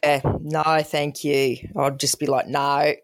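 A deep-voiced Australian woman, once an emergency call operator, speaks unhurriedly with little pitch movement in a podcast interview. She recounts calls frankly and acts out the callers' voices, in clean studio quality without echo.

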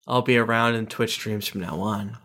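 A man's voice: fairly low pitch, fairly even intonation, normal speed, bright, forceful tone. A man hosting a casual podcast, reading listener reviews aloud with playful voices and asides.

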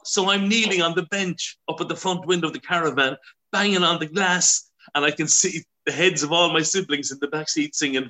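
Chatty Irish man with a bright voice. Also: on the high side, brisk. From Ireland. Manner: chatty, laughs often, acts out voices in his stories. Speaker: broadcaster and interview guest. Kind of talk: casual storytelling interview.

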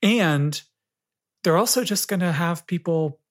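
A podcast guest giving calm, reflective advice in a thoughtful conversational way. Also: medium pitch, measured pace. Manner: calm, reflective, laughs easily.

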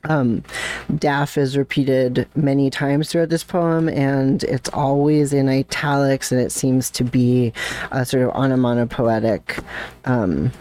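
A podcast host introducing a poem with some hesitation, then reading it aloud in a slow, even, measured way. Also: mid-range voice, clear, resonant tone. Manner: hesitant filler-laden introduction. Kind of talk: poetry reading.

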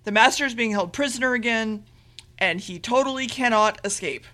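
A woman's voice: a little high, a little fast, a bit bright. A woman podcast co-host casually recapping a TV episode, rambling and swearing freely, with offhand acted quotes.

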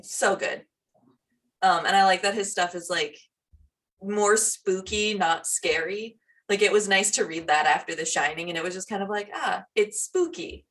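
A woman's voice: mid-range voice, steady tone, moderate pace, a bit bright, far from the mic. A woman co-hosting a podcast in casual chat, chatty with many fillers. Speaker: podcast co-host.

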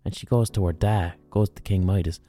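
Deep-voiced Irish storyteller, man. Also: fairly even intonation, a little fast, mellow. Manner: colloquial, earthy, swears freely. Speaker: podcast host. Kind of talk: casual storytelling.

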